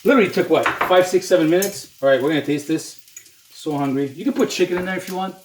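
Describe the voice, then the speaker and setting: A man's voice: high voice, fast talker, recorded from a distance, noisy background. A man chatting to his viewers while he cooks at home, filling his talk with "you know". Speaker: home cook vlogger. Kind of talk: casual cooking video talk. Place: home kitchen. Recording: roomy kitchen sound, voice off-mic, loud sizzle. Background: food sizzling in a pan.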